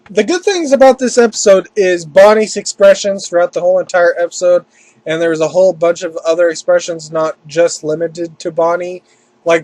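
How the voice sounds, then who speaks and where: A man giving a casual spoken review of an anime episode. He rambles, restarts his sentences often and slips into quick mock voices for the characters. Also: a little high, a little mellow, no echo, rough recording.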